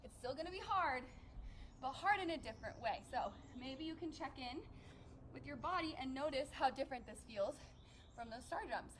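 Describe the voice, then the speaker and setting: A woman's voice: sits high, lively intonation, normal speed, fairly bright tone, a little hiss or hum. A young woman coaching a workout class, upbeat and encouraging, counting reps aloud while out of breath. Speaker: fitness instructor.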